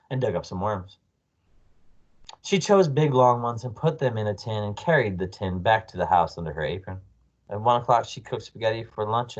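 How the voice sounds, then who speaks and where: A man reading a children's book aloud as storyteller, expressive with small slips. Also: lowish voice, highs cut off. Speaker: storyteller, read-aloud narrator.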